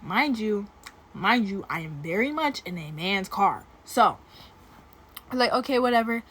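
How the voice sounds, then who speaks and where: A woman's voice: mid-range voice, lively intonation, measured pace, a bit bright, slightly rough. A young woman casually telling a story to camera, talking chattily with lots of "like" and dramatic asides. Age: young adult. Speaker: storytime vlogger. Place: dorm room.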